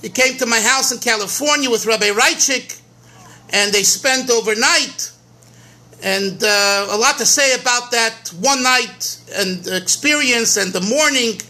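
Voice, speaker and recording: A rabbi from America giving an informal teaching talk at a gathering, drawn-out and emphatic, often repeating words and stopping to sing a melody. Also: male voice, very high-pitched, sharp tone.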